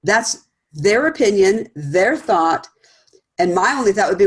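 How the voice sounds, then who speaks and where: A woman's voice: medium pitch, lively intonation, measured pace. A middle-aged woman presenting a talk in a casual, conversational way, laughing often and acting out quoted remarks. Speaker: speaker series presenter.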